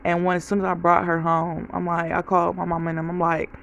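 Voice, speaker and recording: Woman vlogger just talking to the camera, kinda gravelly, lots of stories, real chatty. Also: lowish voice, completely flat delivery, brisk, a bit bright, lo-fi sound. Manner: chatty storytelling, talks straight to viewers. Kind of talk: casual life-update chat.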